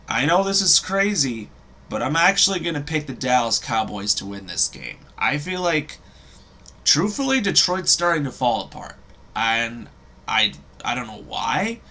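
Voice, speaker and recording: Bright-voiced young man rambling football picks. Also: mid-range voice. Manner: rambling, hesitant, self-correcting with frequent ums. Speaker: sports podcast host. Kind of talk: casual sports predictions.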